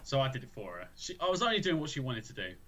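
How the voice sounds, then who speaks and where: A man's voice: mid-range voice, very animated, very fast, sharp tone. Young man, rambling and sweary. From England. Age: young adult. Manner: swearing, rambling storytelling with many restarts. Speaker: podcast co-host. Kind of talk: casual chat.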